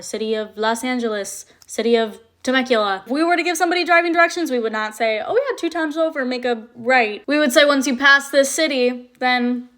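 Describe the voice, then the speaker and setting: A woman in her twenties from Southern California, chatting in a bubbly, rapid-fire way while getting ready on camera. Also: on the high side, fairly bright tone. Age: 20s. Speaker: beauty vlogger. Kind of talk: get ready with me chat.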